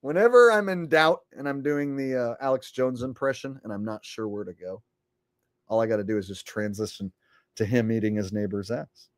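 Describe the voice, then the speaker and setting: A man's voice: mid-range voice, normal speed, no room sound, clean studio sound. A man hosting a casual commentary vlog, rambling in a sarcastic, profane way. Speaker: channel host.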